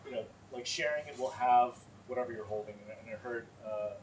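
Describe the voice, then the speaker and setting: A man's voice: medium pitch, a little fast, a loud crowd. A man speaking as a panelist in a panel discussion, talking in an earnest, conversational way with lots of "like.". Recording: far-off mic with faint noise.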